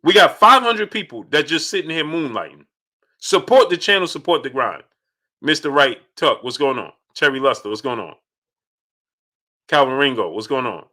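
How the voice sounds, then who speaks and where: A man's voice: mid-range voice, animated, moderate pace, sharp tone. A man hosting a live boxing talk stream. He greets chat viewers by name and repeats his points with emphasis. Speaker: boxing channel host.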